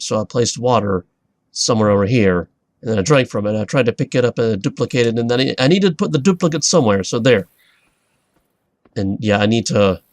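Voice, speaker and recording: Male let's-play host, mid-pitched, dry booth sound, excitable and rambling commentary. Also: no room sound. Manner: rambling, excitable, self-interrupting. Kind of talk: casual gameplay commentary.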